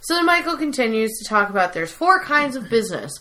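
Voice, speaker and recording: A woman with a bright, fairly high voice talks casually as a co-host. She retells scenes and quotes lines between laughs. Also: big pitch swings, fairly quick, slight background noise, poor audio. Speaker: podcast co-host recapping episodes. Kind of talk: casual chat.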